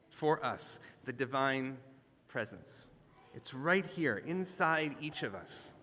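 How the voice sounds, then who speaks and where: A man's voice: a little high, pushed and bright. A man, a rabbi, giving a conversational sermon with jokey asides to the audience in a temple sanctuary. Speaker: rabbi, guest scholar. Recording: long echoing reverb of a large hall.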